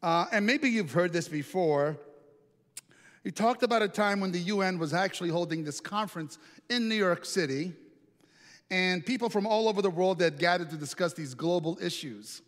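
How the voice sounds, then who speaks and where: A man's voice: sits high, normal speed, a bit bright. A man preaching a sermon, telling a story in a conversational way and asking the congregation questions. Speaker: pastor. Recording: echoey hall reverb.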